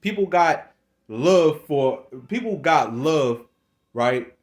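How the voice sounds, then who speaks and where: A man's voice: a little high, animated, takes it slowly. Guy ranting about religion into his camera, scolding, swearing, rambling and circling back. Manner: rambling, repeats and restarts phrases; scolding, swears, laughs between points. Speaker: religious video maker.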